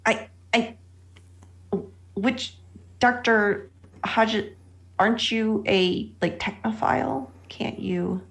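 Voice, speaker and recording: A woman's voice: a little high, takes it slowly, gravelly, pauses often. A woman playing in a tabletop game, playful and a little hesitant. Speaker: player. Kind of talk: casual tabletop play.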